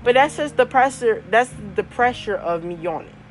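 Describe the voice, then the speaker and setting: A woman's voice: fairly high pitch, lively intonation, normal speed, faint music behind, poor audio. A young woman hosting her own podcast, telling a personal story in a casual, chatty way with frequent laughs and fillers. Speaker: podcast host.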